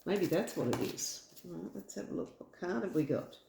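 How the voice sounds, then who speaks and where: A woman's voice: lowish voice, expressive, fairly quick, creaky, dark tone, roomy sound, slight background noise. A woman with an Australian accent giving a casual, reassuring tarot reading from home, rambling with fillers. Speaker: tarot reader. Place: home room.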